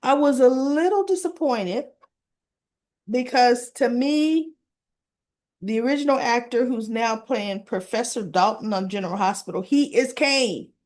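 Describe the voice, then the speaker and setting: A woman's voice: a little high, measured pace, a little mellow. A woman casually retelling soap opera episodes for her channel, chatty and full of asides. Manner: chatty, leisurely storytelling with asides and fillers. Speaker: soap opera recap vlogger.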